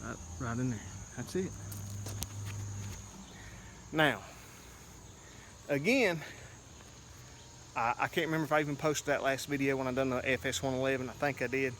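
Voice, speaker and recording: A man's voice: mid-range voice, moderate pace, pauses often, a bit bright, slight background noise. A man talking to the camera outdoors on a hillside, plainspoken and a bit out of breath, repeating "okay?" to drive his points home. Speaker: lawn care business owner.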